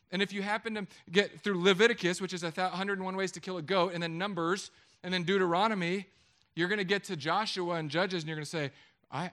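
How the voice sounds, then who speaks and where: A middle-aged man preaching a sermon, joking with the congregation in an animated way. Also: sits high, quick pace. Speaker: pastor.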